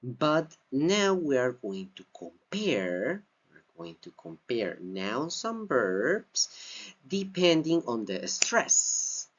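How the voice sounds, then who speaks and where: A man teaching an English grammar lesson from slides, speaking slowly and deliberately and repeating key phrases. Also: medium pitch, very animated. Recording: dull lo-fi recording.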